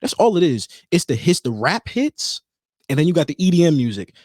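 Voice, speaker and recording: A man in his early twenties co-hosting a podcast, chatting casually and joking around with loud laughs. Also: on the high side, big pitch swings, fairly quick, dry recording, clean studio sound. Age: early 20s. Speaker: podcast co-host. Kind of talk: casual chat.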